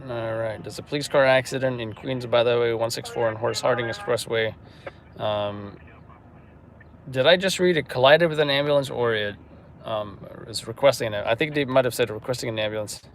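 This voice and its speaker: A man who works as a news stringer, reading viewer comments aloud in a relaxed, low-key way during a livestream. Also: fairly quick, slight background noise. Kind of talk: casual livestream chat.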